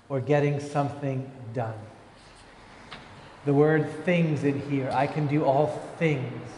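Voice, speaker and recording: A man preaching a lively sermon, joking and acting out little voices as he teaches from a verse. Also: a little high. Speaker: pastor. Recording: echoey hall, long reverb.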